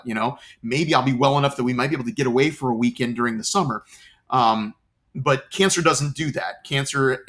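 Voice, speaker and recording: A man's voice: mid-range voice, a bit bright. Earnest middle-aged man from Florida. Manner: earnest, repeats words as he searches for them. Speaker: cancer patient interviewee. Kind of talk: interview storytelling.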